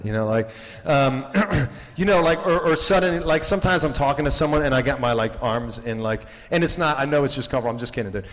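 A man's voice: mid-range voice, quick pace. Man, campus ministry speaker, casual rambling faith talk, jokey asides, long hall reverb. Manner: rambling and jokey, heavy with 'like' and 'you know'.

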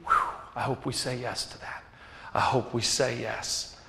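A man preaching a sermon as pastor, asking rhetorical questions and dropping to quiet emphasis. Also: medium pitch, level tone, measured pace, creaky. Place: church sanctuary. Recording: echoey hall reverb.

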